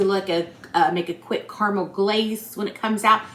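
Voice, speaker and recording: A woman's voice: mid-range voice, fairly even intonation, moderate pace, a bit bright, slight background noise. A woman with an Appalachian accent hosting a home cooking video, chatting folksy and friendly to her viewers as she bakes in her kitchen. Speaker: home cooking channel host. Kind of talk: casual cooking demonstration.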